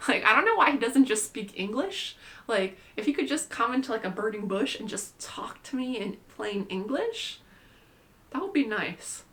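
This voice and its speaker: Bright-voiced young woman rambling casually. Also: fairly high pitch, big pitch swings, moderate pace. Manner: chatty, says "like" constantly, playful and irreverent. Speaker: vlogger.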